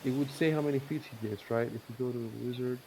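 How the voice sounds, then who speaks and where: A man's voice: mid-range voice, quick pace, background noise. A man running a tabletop game, explaining rules with many fillers and restarts. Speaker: game master.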